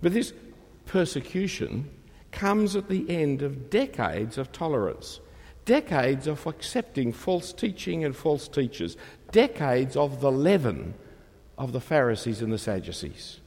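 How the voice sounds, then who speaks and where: A man's voice: medium pitch, sing-song, unhurried, vocal fry, darkish tone, slightly rough. A man preaching a sermon, emphatic and rhetorical, asking his listeners questions. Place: church. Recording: long reverb of a large hall.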